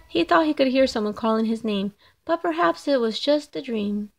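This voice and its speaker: A woman reading a children's picture book aloud, slow and clear. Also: sits high, animated. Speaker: storybook reader.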